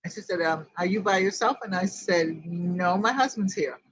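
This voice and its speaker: A woman's voice: lowish voice, normal speed, slightly rough, low-quality recording. An older woman hosting a grief group, telling a personal story in a rambling way and quoting each conversation word for word. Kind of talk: personal storytelling in casual chat.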